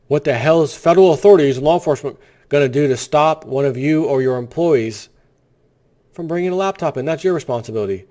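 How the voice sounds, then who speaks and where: A man's voice: fairly high pitch, fast, mellow. A man hosting his own video, delivering ranting political commentary in a sarcastic, blunt, insulting way. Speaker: video host.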